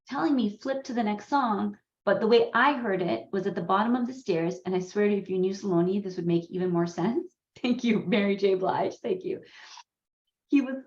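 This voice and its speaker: A woman whose first language is Gujarati, hosting a parenting course in a candid, animated storytelling way with frequent laughs. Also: medium pitch. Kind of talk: conversational course talk. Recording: roomy, slightly dull sound.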